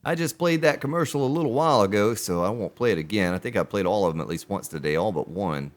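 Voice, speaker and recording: A man streaming a survival game live, chatting with his viewers as he plays. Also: fast. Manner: animated, pitch jumps on exclamations. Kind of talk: live gameplay commentary.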